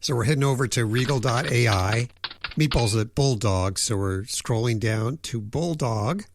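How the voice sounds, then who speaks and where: A man's voice: mid-range voice, moderate pace, heavy background noise. A man hosting a radio show, chatting casually and reading a sponsor plug.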